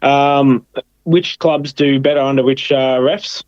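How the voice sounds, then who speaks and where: A man's voice: mid-range voice, fairly even intonation, slow, darkish tone, no echo. Australian male co-host, muffled lo-fi stream audio, dry, rambling agreeable chat. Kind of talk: casual sports chat.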